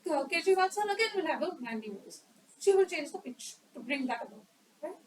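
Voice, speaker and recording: High-voiced woman teaching speaking. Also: very animated, brisk, far from the mic, noisy background. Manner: interactive, quizzes the audience and acts out examples. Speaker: Toastmasters club speaker. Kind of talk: educational talk on public speaking.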